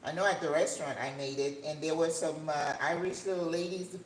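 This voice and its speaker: An older woman hosting a cooking channel, chatting casually as she cooks in her home kitchen, rambling and breaking into excited high notes. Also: moderate pace. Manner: chatty, rambling, with sudden excited jumps in pitch. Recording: echoey room with faint background hum.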